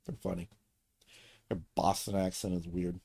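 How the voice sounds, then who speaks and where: A man's voice: sits low, little pitch movement, moderate pace, gravelly, dark tone, breathy edge, dry recording. A man hosting a livestream, talking in a blunt, opinionated and emphatic way in casual chat. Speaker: streamer host.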